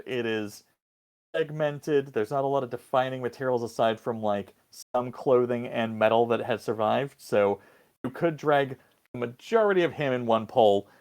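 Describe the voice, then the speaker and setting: A man's voice: mid-range voice, a little mellow. A man narrating a tabletop role-playing game as game master, casual and rambling with many fillers.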